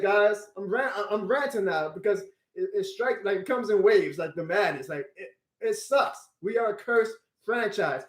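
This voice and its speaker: Guy venting on his stream, gets loud then sighs, high voice, roomy echo. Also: normal speed. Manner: emotional venting, swinging from loud outbursts to subdued sighs. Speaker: sports fan streamer. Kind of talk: live stream rant.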